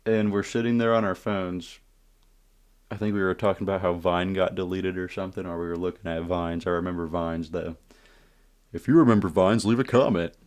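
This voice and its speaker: A man with a very low voice tells a story time tale in a loose, casual way. He swears freely, acts out the moments with energy and breaks off to speak to his viewers. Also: a little fast. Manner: profane, animated retelling with asides to viewers.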